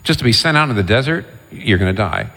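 Low-voiced preacher in a reverberant hall. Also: male voice, fast talker. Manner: animated storytelling, voices the biblical figures. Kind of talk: sermon. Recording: long reverb of a large hall.

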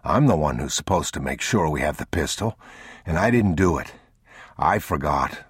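A man playing a tired, protective father who speaks low and calm to reassure his son. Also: fairly quick, slightly rough, no echo, clean studio sound, full character voice. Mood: consoling. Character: weary, protective father, quietly steady.

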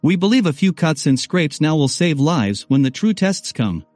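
A man voicing a calm, matter-of-fact female warrior in an audiobook story. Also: a little high, moderate pace, no room sound, faint music behind.

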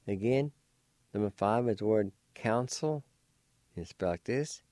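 Slow, patient older man teaching. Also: on the low side, a little mellow, no echo, studio quality. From Cherokee Nation, Oklahoma. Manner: patient, deliberate, repeats each word. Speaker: language teacher. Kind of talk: slow vocabulary lesson, spelling out syllables.

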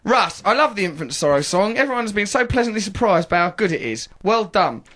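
A man hosting a comic radio show, playful and mocking, with sudden shouted outbursts. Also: sits high, sing-song, a little fast. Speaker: radio host. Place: radio studio.

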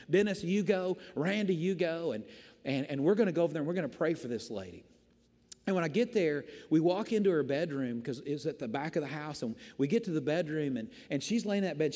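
A male pastor telling a story from the pulpit with self-deprecating humor. His voice sits fairly high and he often restarts and repeats words. Long reverb from the church hall trails behind him. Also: mellow. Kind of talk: storytelling sermon.

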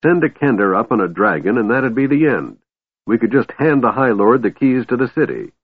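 A man's voice: mid-range voice, very animated, fairly quick, slightly rough, pitched above the performer's own voice. Grumbling stubborn old dwarf, as a man puts him on. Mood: grumpy. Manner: grumbling, blustering. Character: stubborn old male dwarf, gruff and proud. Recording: tinny phone-like band, dry.

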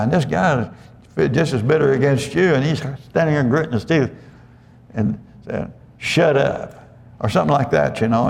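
Gravelly-voiced man preaching a sermon. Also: mid-range voice, a little mellow, big-room sound. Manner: conversational preaching with many restarts. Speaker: pastor.

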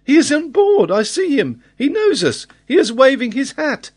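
Guy putting on a high shrill teen boy, yelling all excited, storybook. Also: normal speed. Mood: overjoyed. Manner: excited shouting. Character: teenage boy, eager lookout.

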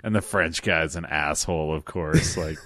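In a dry recording, a man with an extremely low voice speaks at normal speed. As a podcast co-host in casual chat, he laughs a lot and tells his stories energetically.

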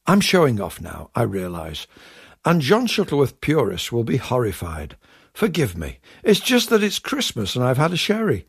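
Wry, raspy male comedian host. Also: medium pitch, wildly swooping pitch, moderate pace, no room sound, studio quality. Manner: wry, confiding and self-mocking. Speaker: comedian and radio show host. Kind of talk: scripted comic monologue to audience.

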